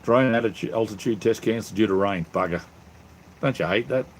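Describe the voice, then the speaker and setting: This Australian man's voice is on the low side and brisk, and the recording has a little hiss or hum. Hosting a relaxed home live stream, he reads the live chat, rambles happily, and calls people mate and brother.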